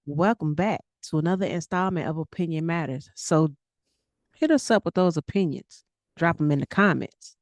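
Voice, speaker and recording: A woman's voice: deep voice, normal speed, darkish tone, no echo. A woman co-hosting a livestream talk show, playful and upbeat as she teases her co-hosts. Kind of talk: casual livestream chat.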